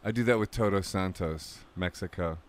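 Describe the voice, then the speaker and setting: Very deep-voiced man chatting casually. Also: moderate pace, slight background noise. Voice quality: whistles his S sounds. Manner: relaxed, rambling, restarts sentences. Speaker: interview host. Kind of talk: casual interview chat.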